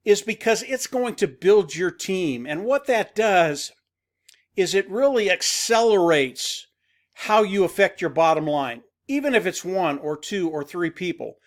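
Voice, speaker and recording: A middle-aged man giving an enthusiastic sales pitch to his viewers, repeating himself and restarting phrases often. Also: expressive, measured pace. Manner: enthusiastic, repetitive, frequent restarts. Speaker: network marketing promoter. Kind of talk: direct-to-camera pitch talk.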